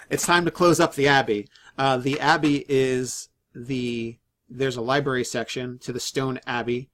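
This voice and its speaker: With a mid-range, fairly bright voice, a man serves as game master in a tabletop game. His narration comes out in fits and starts, peppered with fillers and restarts.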